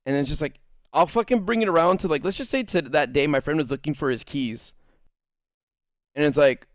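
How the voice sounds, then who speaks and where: Man, streamer, casual rambling stories, profane, fairly high voice, dry close sound. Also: fast, dry recording. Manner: rambling, profane, acts out quotes in jumping voices. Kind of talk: casual storytelling to live chat.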